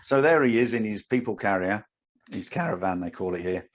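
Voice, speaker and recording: A podcast co-host who works as a driving instructor tells an anecdote during casual chat, animatedly acting out his own lines. His voice is fairly low and his pace fairly quick.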